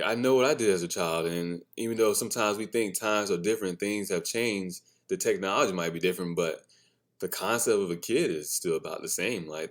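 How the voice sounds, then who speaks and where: Blunt, foul-mouthed man on a podcast. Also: sits low. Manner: swears freely in conversation; laughs often at his own remarks. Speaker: podcast host; father of a son and a daughter. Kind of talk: casual solo podcast monologue.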